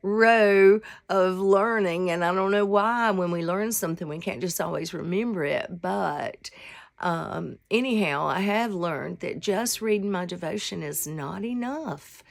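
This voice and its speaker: A woman's voice: on the low side, measured pace, gravelly. A woman in her sixties hosting a casual devotional vlog, talking in a rambling, heartfelt way. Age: 60s. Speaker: vlog host.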